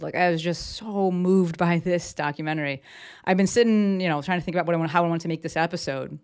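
A woman's voice: lowish voice, fast talker, a little mellow, smooth. A woman hosting a casual solo podcast from her desk, talking enthusiastically and rambling with lots of fillers and restarts. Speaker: podcast host. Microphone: desk mic with camera.

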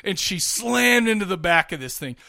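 A man's voice: high-pitched, sing-song, moderate pace, vocal fry, crowd noise. A man co-hosting a podcast, telling a rambling story in casual chat, full of restarts and laughter. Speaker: podcast co-host.

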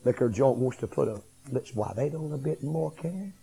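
A middle-aged man preaching a revival sermon, swinging from hushed tones to shouting. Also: medium pitch, moderate pace, vocal fry, low-quality recording.

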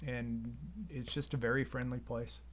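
A man's voice: mid-range voice, level tone, unhurried. A man on a podcast as a guest, making short, plain-spoken remarks in casual talk. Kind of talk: casual chat.

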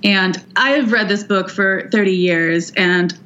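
A woman hosting a podcast, talking casually about a book in a lively, storytelling way with lots of fillers. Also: medium pitch, unhurried, highs cut off, a little hiss or hum. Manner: lively retelling, acts out characters' lines, many "you know" fillers.

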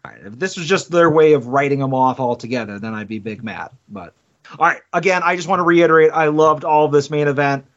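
A man with a slightly high voice recaps matches with eager, rambling enthusiasm and some swearing. He talks in loose podcast chat. The audio is muffled and lo-fi. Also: fast talker. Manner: enthusiastic, swearing, thinking out loud. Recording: muffled lo-fi sound.

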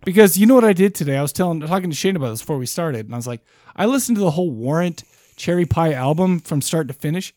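A man's voice: on the high side, quick pace, no room sound, clean studio sound. A man co-hosting a podcast in casual chat, rambling with lots of "like" and "you know". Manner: rambling, animated, lots of fillers. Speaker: podcast co-host.

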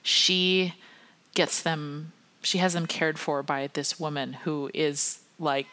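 A woman's voice: sits low, steady tone, slow pace, bright, forceful tone. A woman co-hosting a podcast in casual chat, talking in close detail and laughing often. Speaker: podcast co-host.

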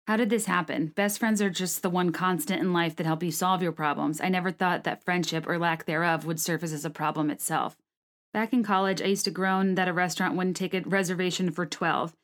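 A woman in her late twenties talking casually and quickly, with many filler "like"s, then reading her own blog post aloud. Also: lowish voice. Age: late 20s.

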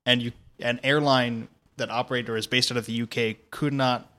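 A man's voice: medium pitch, steady tone, brisk, bright, forceful tone. A man in a casual podcast chat, explaining a news story with a lot of "like" fillers.

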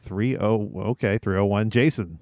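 A man's voice: on the low side, moderate pace, a little mellow, no echo, clean studio sound. A man hosting a casual podcast chat, quizzing his co-hosts and moving the game along. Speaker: podcast host running a guessing game.

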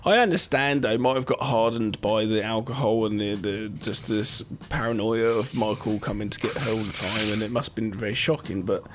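A man's voice: fairly low pitch, brisk, hardly any pauses, noisy background. A man co-hosting a horror podcast, laid-back and rambling, cracking jokes and swearing. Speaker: podcast co-host. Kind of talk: casual chat.

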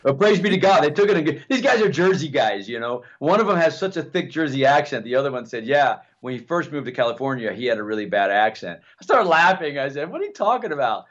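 A man in casual chat, telling an animated story with many restarts and repeated words. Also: medium pitch, fast talker, hardly any pauses. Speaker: co-host. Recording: dull lo-fi sound.

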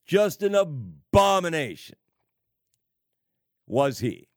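A man preaching on prophecy, slow and emphatic, with sarcastic asides and wry laughs. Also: fairly high pitch, big pitch swings, dry recording, clean studio sound. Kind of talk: prophecy sermon.

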